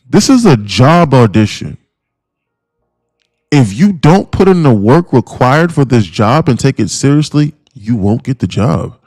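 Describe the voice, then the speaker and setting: A man's voice: medium pitch, sing-song, slow pace, pauses often, a little mellow, no room sound. A man streaming live as a day trading mentor, talking in a rambling, profane, casual way with lots of fillers. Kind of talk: casual livestream chat.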